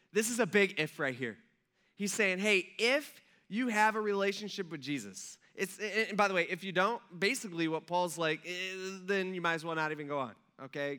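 A man's voice: on the high side, pushed and bright, clear, resonant tone. A man preaching a casual sermon, talking conversationally, asking the audience questions and acting out stories. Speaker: pastor.

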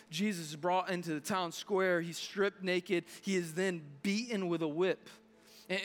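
An earnest man in his thirties preaches with a bright, high voice, pushing harder as he goes and often restarting his phrases. His words ring out with the long reverb of a large hall. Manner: earnest, building intensity with restarts. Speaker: pastor. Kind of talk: sermon.

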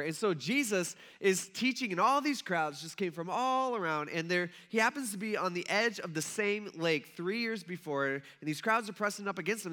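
A man's voice: high voice, sharp tone. A male pastor preaching a sermon in a casual, conversational storytelling manner.

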